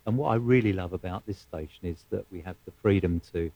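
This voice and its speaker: Teasing radio host, low voice. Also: male voice, fast, no echo, dull audio. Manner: teasing, playful banter. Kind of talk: casual radio chat. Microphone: studio mic.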